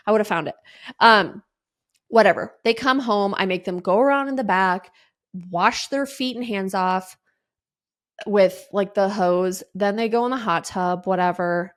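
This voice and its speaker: A woman's voice: medium pitch, normal speed. A woman in her forties hosting a podcast, telling a rambling, exasperated story in a casual style and swearing freely. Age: 40s. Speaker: podcast host.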